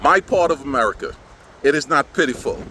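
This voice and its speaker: A man's voice: mid-range voice, expressive, a little fast. A man recording a casual, sarcastic, rambling vlog outdoors, often saying "man" and talking while driving around town. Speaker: vlogger. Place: outdoors on windy streets, partly driving. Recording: outdoor wind and traffic noise. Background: wind and passing cars.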